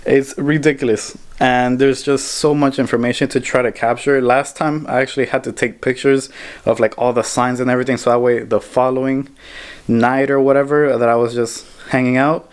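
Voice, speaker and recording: A man filming a casual vlog as he tours a film studio, chatty and excited. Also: mid-range voice, normal speed, clear, resonant tone, no echo. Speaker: vlogger. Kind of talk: casual vlog tour commentary. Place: studio tour, in and out of doors.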